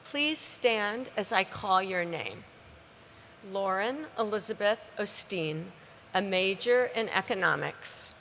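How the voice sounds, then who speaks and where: Gravelly-voiced woman announcing at a ceremony. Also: medium pitch, expressive, takes it slowly, fairly bright tone, long reverb tail, slight background noise. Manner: formal, announcing names. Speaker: university provost presenting at a graduation.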